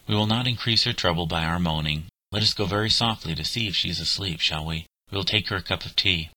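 A man's voice: low-pitched, fast talker, exaggerated voice. A man voicing a hardworking schoolgirl who looks after the house and her brother, speaking earnestly and with reproach. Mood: steadying. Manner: earnest, reproachful, then gently steadying. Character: diligent, burdened schoolgirl, older sister.

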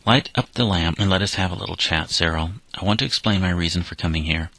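A calm, stern young farmhand, firm and earnest as he reasons with a boy, as a man reads him in a storybook. The voice is very deep, with a bright, forceful tone, and the recording is close and dry. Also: fast, no room sound, exaggerated voice.

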